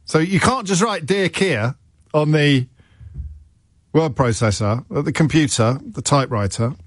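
A man's voice: on the high side, expressive, measured pace, no room sound, studio quality. A middle-aged man hosting a radio phone-in, talking in a chatty, wry, digressive way with self-mocking asides. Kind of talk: talk radio monologue. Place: radio studio. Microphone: studio microphone.

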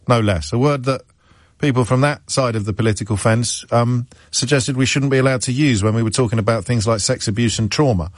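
A man's voice: medium pitch, no echo. A man hosting a talk radio show, giving sardonic, emphatic commentary from a studio mic. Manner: sardonic, emphatic, reads quotes aloud. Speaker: radio phone-in host. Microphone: close studio mic.

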